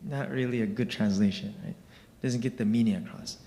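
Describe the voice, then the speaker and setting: A man's voice: fairly low pitch, fairly even intonation, a little fast, mellow. A man giving a religious class in a conversational way, explaining with everyday examples and often asking "right?" to check in with listeners. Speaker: religious teacher. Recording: long reverb of a large hall.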